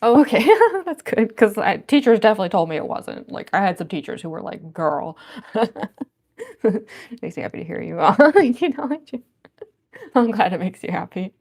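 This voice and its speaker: A woman's voice: mid-range voice, big pitch swings, normal speed, a little mellow. A woman chatting casually on a livestream, reading viewer comments aloud and giggling often. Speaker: cosplayer livestreamer.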